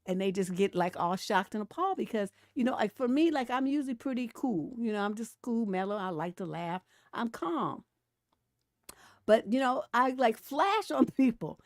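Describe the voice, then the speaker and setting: A woman's voice: on the high side, dry recording, studio quality. Blunt, profane middle-aged woman host. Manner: blunt and profane, swings from mellow to heated; laughs between points. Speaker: relationship coach hosting a livestream. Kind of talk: casual livestream advice talk.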